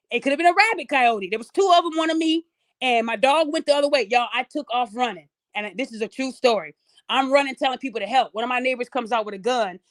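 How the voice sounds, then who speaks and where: A middle-aged woman chatting casually to her viewers, telling stories in a lively, talkative way. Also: a little high, no room sound, clean studio sound. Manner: chatty, storytelling, addresses audience as y'all. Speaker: podcast host.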